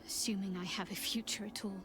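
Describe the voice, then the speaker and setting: A woman voicing a guarded young female cleric in a video game, speaking in a measured, restrained, somber way. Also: medium pitch, fairly even intonation, fairly bright tone, soft background music, lightly acted.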